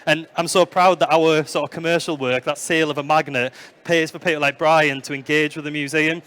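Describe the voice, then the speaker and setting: A man's voice: on the high side, fairly even intonation, a little fast, clear, resonant tone. A middle-aged man giving a conference talk, telling anecdotes with plenty of fillers. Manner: storytelling, warm anecdotes with fillers. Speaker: museum product development manager giving a conference talk. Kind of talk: conference presentation.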